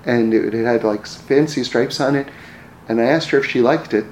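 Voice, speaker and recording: A man's voice: mid-range voice, normal speed, darkish tone, slight background noise. A man telling personal stories in a casual, rambling way, often restarting his words and chuckling. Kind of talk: casual storytelling talk. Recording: roomy echo, faint ambience.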